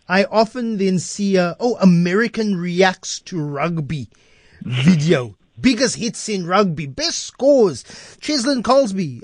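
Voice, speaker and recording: A South African man hosting a morning interview, chatty and halting with frequent restarts. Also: high-pitched, no room sound. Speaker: radio host.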